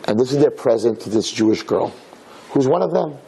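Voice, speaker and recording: Male storyteller, husky, raised pitch, very lively delivery. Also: fairly quick. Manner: lively, dramatic, acts out characters. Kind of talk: animated religious storytelling.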